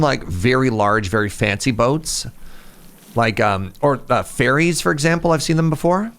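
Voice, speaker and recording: A man live-streaming a game, chatting playfully with his viewers and making jokes. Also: medium pitch. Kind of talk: casual live-stream chat.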